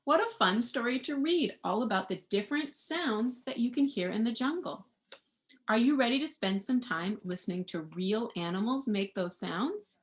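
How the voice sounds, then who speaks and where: A woman reading a picture book aloud to young children in an animated way, asking them questions and imitating animal sounds. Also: fairly high pitch, moderate pace. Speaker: children's storybook reader.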